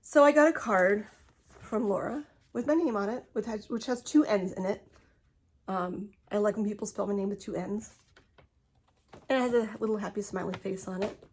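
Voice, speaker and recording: A middle-aged woman talking casually into her phone at home, chatty and often laughing, with quick restarts. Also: mid-range voice, darkish tone, breathy edge. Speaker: vlogger. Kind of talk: casual personal vlog. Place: home, indoors.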